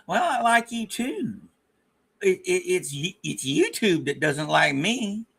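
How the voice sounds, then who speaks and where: A man's voice: sits high, sing-song, slow, gravelly, a bit bright, husky. A man hosting a casual livestream, rambling and joking at his own expense with frequent stammered restarts. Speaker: livestream host.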